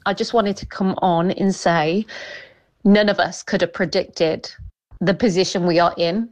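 A woman's voice: lowish voice, steady tone, a little slow. A woman co-presenting a radio show, talking in an earnest, emphatic way. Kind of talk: opinion talk on radio.

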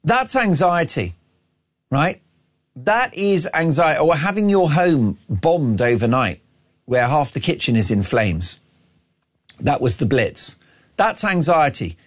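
Brash, lively male radio host. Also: mid-range voice. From Ireland. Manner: brash, mocking, self-aggrandizing banter. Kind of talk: opinionated comic monologue.

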